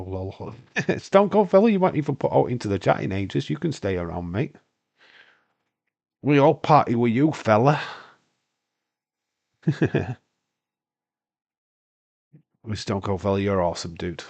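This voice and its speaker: Young Scottish streamer, lowish pitch, congested, rambling and sweary, casual chatter. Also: male voice. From Britain. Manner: rambling, sweary, laughs often. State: congested from hay fever. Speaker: live-stream host. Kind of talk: casual live-stream watch-along chat.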